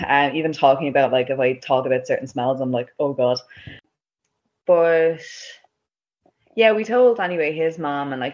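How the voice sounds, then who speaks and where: A woman's voice: low-pitched, darkish tone, muffled recording. A young Irish woman in her twenties, telling a personal story as a guest in casual chat, with lots of "like" and laughter. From Ireland. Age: 20s. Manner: chatty, full of "like" and laughs.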